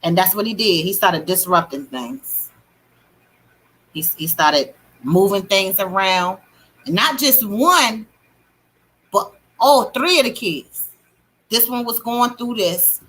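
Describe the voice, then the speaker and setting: A middle-aged woman hosting a livestream, telling her testimony in a casual, animated way and greeting chat viewers. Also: mid-range voice. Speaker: livestream host.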